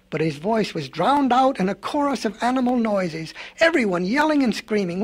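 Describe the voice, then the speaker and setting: A man's voice: high-pitched, big pitch swings, moderate pace, breathy edge. A man narrating a storybook record in a folksy way, with rambling asides.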